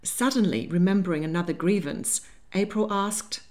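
A woman narrating a humorous period novel in a measured, clear storytelling voice. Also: fairly low pitch, lively intonation, darkish tone. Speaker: audiobook narrator. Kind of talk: scripted narration.

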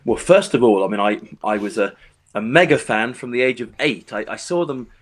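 A man's voice: mid-range voice, animated, a little fast. A man musician chatting in an interview. He rambles, restarts his sentences and leans on fillers as he tells his stories. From England. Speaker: musician guest. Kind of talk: casual interview chat.

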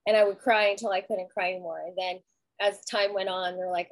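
A woman's voice: medium pitch, steady tone, fairly quick, no echo, rough recording. A middle-aged woman talking earnestly and reflectively in a casual conversation, with frequent restarts. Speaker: guest sharing grief experience.

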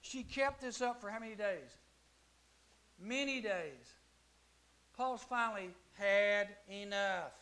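A man teaching a youth Bible class, telling the story with lively acted-out voices. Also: sits high, slow, long pauses.

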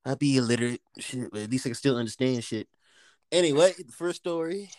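A man's voice: mid-range voice, animated, a little fast, darkish tone, no echo. A man co-hosting a casual comedy podcast, joking and swearing as he stumbles through reading news stories aloud.

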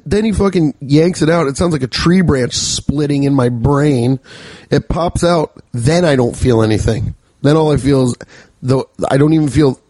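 A man hosting a podcast, telling stories in a loud, rambling, profane way. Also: mid-range voice, no room sound. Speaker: podcast host. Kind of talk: casual comedic storytelling.

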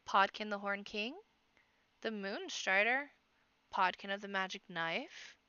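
A woman's voice: medium pitch, slow, bright, forceful tone, smooth, no room sound, highs cut off. A woman voicing an old, wry rabbit bard who mutters knowing put-downs.

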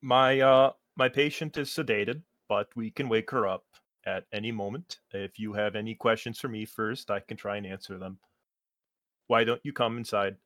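A man voicing a calm fifty-something woman doctor. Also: fairly low pitch, normal speed, dry recording, clean studio sound, lightly acted.

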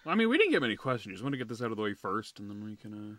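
A man co-hosting a podcast in a relaxed, chatty way, with a bright, forward tone. His pitch moves a lot as he reacts and reads listener questions. The sound is dry and close. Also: racing, no echo. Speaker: podcast co-host. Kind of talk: casual chat.

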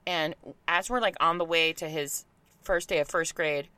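A woman in her thirties, a podcast host, chatting casually in a backyard guest house, telling animated stories, acting out quotes and laughing often. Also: low-pitched, moderate pace, no echo. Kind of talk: casual chat, storytelling.

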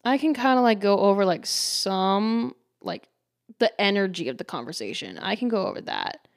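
A woman's voice: mid-range voice, normal speed, dry recording, clean studio sound. A woman hosting her own podcast, telling a story in a chatty, giggly way with lots of "like" fillers and playful quoted voices. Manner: dramatizes with lively quoted voices. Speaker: podcast host. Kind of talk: casual storytelling.

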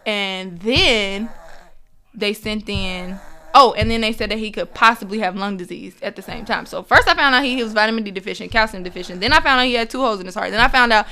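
Young woman guest, bright voice, lively storyteller who acts out every quote, as a mother recounting a hard time. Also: mid-range voice, fast. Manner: animated, acts out quoted dialogue, laughs often. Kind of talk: emotional personal storytelling.

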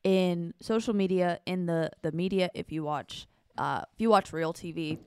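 A woman's voice: on the low side, normal speed, darkish tone, clear, resonant tone, no room sound, studio quality. A woman pastor co-hosting a church livestream in a playful, chatty way. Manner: playful and chatty, laughs often. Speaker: pastor and co-host. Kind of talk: casual chat.

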